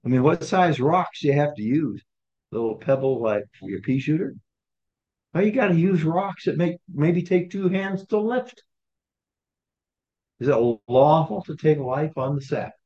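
A man's voice: a little high, animated, moderate pace, warm tone. Man leading a casual Bible study. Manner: conversational, asks the group questions, acts out quoted lines. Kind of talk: casual scripture teaching. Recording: dull lo-fi recording.

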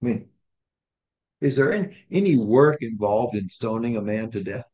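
A man's voice: medium pitch, expressive, normal speed, dark tone. A man leading a small group through scripture, teaching in a conversational way, posing questions and acting out the quoted lines. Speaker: Bible study leader. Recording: dull lo-fi recording.

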